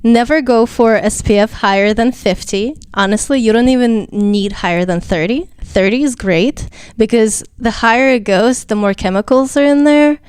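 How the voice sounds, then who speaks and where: A young woman esthetician talks skincare in a relaxed interview, slipping in fillers as she explains. A slight non-native accent colors her words. Her voice is smooth and resonant, recorded close and dry. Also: a little high, moderate pace, few pauses, no echo. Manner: chatty, explains skincare plainly with many fillers. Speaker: esthetician guest. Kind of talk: casual explanatory interview talk.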